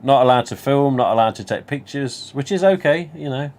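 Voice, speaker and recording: A man with a Nottingham accent talks at an everyday middle pitch, rambling through a personal story on a livestream. He keeps adding little asides and drops the odd mild swear word. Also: animated, brisk, darkish tone. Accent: Nottingham English. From England. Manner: chatty, rambling, many you-knows, mild swearing. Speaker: livestream host. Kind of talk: casual anecdote telling.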